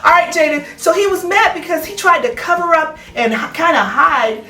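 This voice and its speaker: A woman's voice: very high voice, normal speed. A woman teaching a children's Sabbath school class, chatting playfully and teasing as she talks through the lesson with a child. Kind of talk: casual chat with a child. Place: church. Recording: echoey room, distant mic, soft music.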